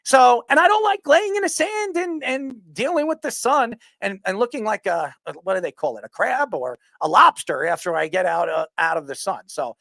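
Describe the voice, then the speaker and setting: Man, sports talk host, from New York, rambling and blunt, gravelly voice, dry sound. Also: sits high, lively intonation, normal speed, hardly any pauses, a bit bright, no room sound. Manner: rambling, repeats words, blunt opinions.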